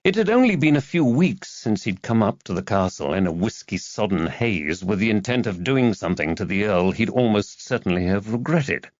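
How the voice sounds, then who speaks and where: Low-voiced man narrating a mystery, animated delivery, dry close sound. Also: normal speed, hardly any pauses, no echo. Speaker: audiobook narrator. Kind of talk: scripted narration. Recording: dull dry lo-fi recording.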